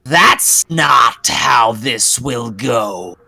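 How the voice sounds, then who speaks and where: A man's voice: mid-range voice, lively intonation, extremely slow, gravelly, bright, forceful tone, no room sound, exaggerated voice. A man voicing a cunning old witch who sells pies, screeching and wheedling by turns. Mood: sly bargaining.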